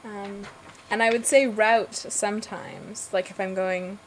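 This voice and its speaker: A woman's voice: medium pitch, steady tone, a little hiss or hum, low-quality recording. A woman reading a word list aloud in casual talk and stopping to explain how she says each word. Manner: slow, thoughtful, breaks off to explain her pronunciation. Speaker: accent word-list reader.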